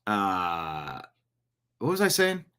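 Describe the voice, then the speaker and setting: A man's voice: deep voice, wildly swooping pitch, very slow, pushed and bright, clear, resonant tone. A man hosting his own podcast in a casual, rambling monologue full of jokey asides. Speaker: podcast host. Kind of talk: casual live-show monologue.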